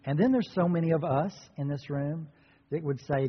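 A man preaching a sermon to a congregation, animated and conversational. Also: on the high side, moderate pace, breathy edge. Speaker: pastor. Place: church sanctuary. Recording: dull sound in a reverberant hall.

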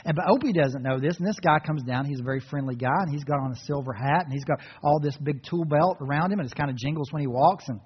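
A man preaching a sermon as a pastor, retelling a story in an earnest, storytelling manner and dropping to soft, reflective tones. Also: a little high, fast talker, hardly any pauses, slightly rough. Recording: reverberant hall, dull muffled sound.

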